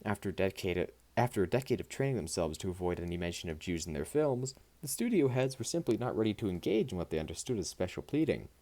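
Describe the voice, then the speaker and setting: Deep-voiced male audiobook reader. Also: big pitch swings, quick pace, few pauses, mellow. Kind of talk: scripted nonfiction audiobook narration.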